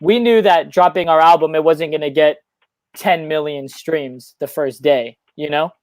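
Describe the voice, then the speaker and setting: Eager high-voiced young man. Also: a little mellow, no echo. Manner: eager, quick run-on talk. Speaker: guest musician. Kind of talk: casual chat on a live stream.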